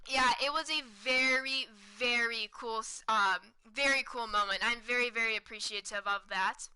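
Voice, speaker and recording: Young woman streamer, bright clear voice, chatty excited storyteller, slightly high. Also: normal speed, poor audio. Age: 20s. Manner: excited, chatty, repeats words for emphasis. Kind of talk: casual storytelling to stream chat.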